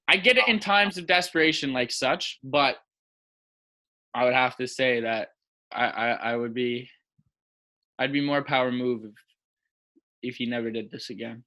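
A young man with a bright, forceful voice, talking loosely and crudely as a podcast co-host. He rambles, curses freely, and laughs at his own jokes. His pitch sits right in the middle for a man. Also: normal speed, pauses often, poor audio. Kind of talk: casual comedic chat.

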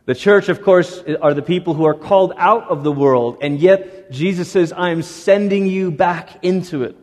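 Animated pastor in a reverberant hall. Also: male voice, high voice, moderate pace. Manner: animated, acts out voices of Moses and God. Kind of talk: sermon. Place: church sanctuary. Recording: long reverb of a church hall.

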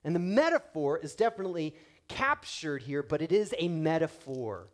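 A middle-aged man preaching a sermon as pastor, animated and joking, acting out quotes in different voices. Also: on the high side, moderate pace.

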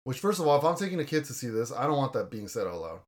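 A man's voice: medium pitch, big pitch swings, very fast. A young man hosting a casual podcast, reviewing a movie in a blunt, argumentative way and swearing casually. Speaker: podcast host.

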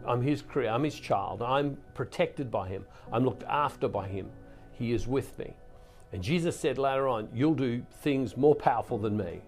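A man preaching as a Catholic minister, teaching on scripture in an earnest way, with restarts, and reading passages aloud with more force. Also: mid-range voice.

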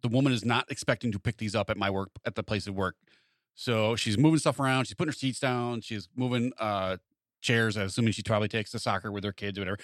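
A man's voice: on the low side, no echo, clean studio sound. A man co-hosting a podcast, telling a story casually and teasing his co-host. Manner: fast, animated storyteller with teasing asides.

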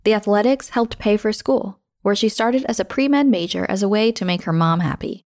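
A woman hosting a show, reading a scripted story in a measured, expressive way that slows down for emphasis. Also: mid-range voice, no echo, studio quality. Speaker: podcast host and narrator.

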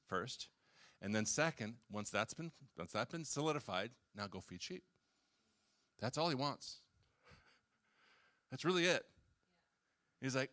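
A man's voice: medium pitch, unhurried, long pauses. A man in his sixties preaching a sermon in a church, talking casually and acting out little dialogues. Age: 60s. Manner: animated, conversational preaching with acted-out dialogue. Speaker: pastor. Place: church hall.

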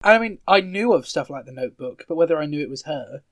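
A man with a somewhat higher voice talking casually on a podcast, rambling and chuckling at himself. The sound is dry and close, with no room around it. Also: lively intonation, fast, fairly bright tone, no room sound. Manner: rambling, self-deprecating, chuckling. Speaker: podcast co-host.

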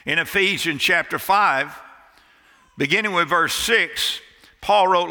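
Emphatic high-voiced pastor in a reverberant hall. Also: male voice, slow pace, sharp tone. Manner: emphatic, repeating phrases for stress. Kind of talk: sermon. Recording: long reverb of a church hall.

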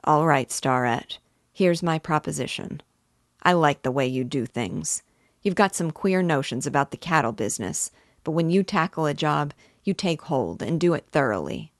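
A smooth, scheming cattle baron who pushes his offer with calm persuasion, as a woman reads him aloud. The voice sits low and close, in a dry space with no echo. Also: normal speed. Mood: persuasive. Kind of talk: reading a novel aloud.

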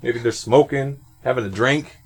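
A man's voice: mid-range voice, moderate pace, crowd noise. Male late-night radio host, rowdy crude humor, mid-range voice.

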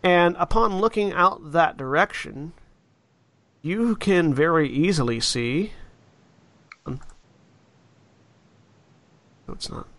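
A man running a tabletop game as game master, describing scenes in an unhurried, descriptive way. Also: fairly high pitch, animated, a bit bright, no echo.

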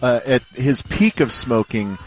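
Male radio regular, mid-pitched, reads headlines in a newsy delivery. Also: animated, a little slow, soft background music. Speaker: radio show regular reading news. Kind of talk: live radio talk.

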